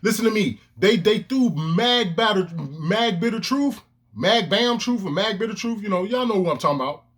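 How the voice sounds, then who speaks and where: A man's voice: high voice, expressive, moderate pace, fairly bright tone, husky. A man ranting to his own camera in heated, profane commentary, with emphatic outbursts. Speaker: vlogger. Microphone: camera lens, self-recorded.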